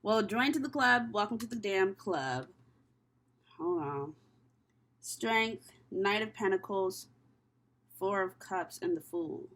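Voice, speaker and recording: Young woman, tarot vlogger, casual and profane, thinks out loud, mid-pitched voice. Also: expressive, slow, long pauses. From Canada. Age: young adult. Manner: candid, profane and chatty, thinking aloud. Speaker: tarot reader. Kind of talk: casual tarot reading vlog.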